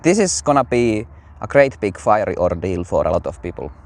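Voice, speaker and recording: A man's voice: lowish voice, sing-song, brisk. A man giving casual, rambling religious commentary with many fillers.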